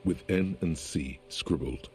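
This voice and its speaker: A man giving scripted narration for a video game, in a measured tone. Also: rumbling low, a little mellow. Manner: gravelly, measured. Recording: game audio over the stream, faint music.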